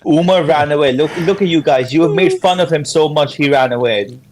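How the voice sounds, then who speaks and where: A man's voice: on the high side, a little fast, darkish tone, a little hiss or hum. A man from Iran on an online panel, teasing the others playfully and laughing often. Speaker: panel guest. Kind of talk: casual panel chat.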